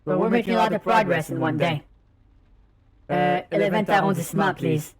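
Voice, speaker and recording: A man's voice: sits high, a little fast, crowd noise. A man streaming a game, casually chatting and reading the game's text aloud.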